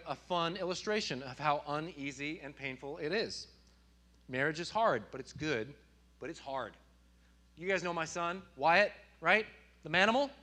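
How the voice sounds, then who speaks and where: A man in his thirties preaching a sermon, animated and telling stories with sudden loud outbursts. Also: on the high side. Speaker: pastor.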